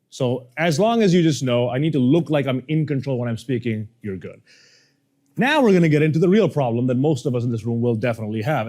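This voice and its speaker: A man, a public speaking coach, teaching a workshop to a live audience, energetic and playful, often quizzing the room. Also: mid-range voice.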